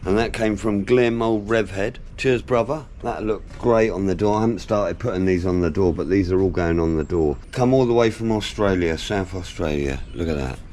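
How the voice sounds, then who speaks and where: A man's voice: sits low, moderate pace, hardly any pauses, darkish tone, slight background noise. A man chatting casually as he works in his workshop, explaining each step with the odd joke. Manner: chatty, jokey, explains while working. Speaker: car builder vlogger. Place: home workshop.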